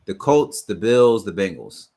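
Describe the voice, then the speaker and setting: An animated man co-hosting a casual sports podcast. His pitch swings widely as he jokes and restarts his sentences. The talk is loose, fast-moving banter. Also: no room sound. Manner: animated, jokey, lots of restarts. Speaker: podcast co-host.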